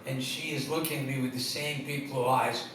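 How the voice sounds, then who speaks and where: A man's voice: medium pitch, fairly even intonation, moderate pace. A man telling funny personal stories to a live audience, stumbling over restarts and laughing at his own punchlines. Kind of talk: humorous personal storytelling. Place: stage before a live audience. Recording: echoey hall, distant mic, loud noise.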